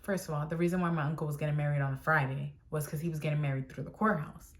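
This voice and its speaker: A woman's voice: low-pitched, fairly even intonation, rapid-fire. A young woman vlogger telling a casual story, chatty and exasperated, acting out quoted dialogue as she goes. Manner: exasperated, with frequent "like" fillers.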